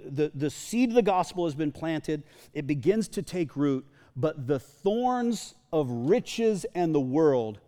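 A man's voice: on the high side, dark tone. A male pastor giving a sermon in a church hall, talking conversationally and often repeating words as he goes.

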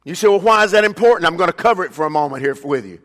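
An older male pastor with a high voice preaches a sermon in a church sanctuary, where the hall's long reverb trails every line. His delivery is expressive and racing, full of call-and-response, and it swings between loud, emphatic bursts and quiet asides.

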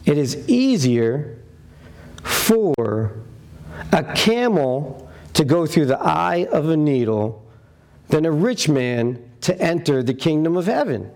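A man preaching a sermon, telling the story with animated storytelling and acting out the quotes in character. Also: mid-range voice, gravelly.

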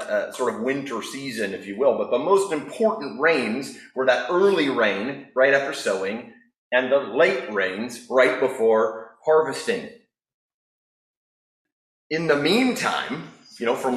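Conversational pastor in an echoey church. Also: male voice, medium pitch, fairly bright tone. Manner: conversational, storytelling. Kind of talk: sermon.

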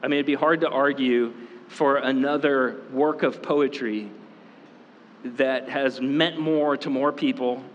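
A man preaching a sermon as pastor, talking casually with many fillers and quick asides. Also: medium pitch, fairly even intonation, lo-fi sound, a little hiss or hum. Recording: long reverb in a hall.

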